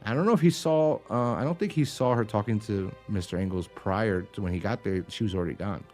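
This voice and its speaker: A man's voice: on the low side, a little fast, darkish tone, faint music behind. A man co-hosting a casual podcast, recapping a TV episode in a rambling, profane way and acting out lines in raised voices. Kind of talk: casual chat.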